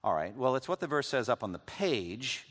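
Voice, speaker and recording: A man's voice: medium pitch, sing-song, normal speed, fairly bright tone. A man preaching a sermon as pastor, reading scripture aloud with conversational, wry asides to the congregation. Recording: long reverb of a large hall.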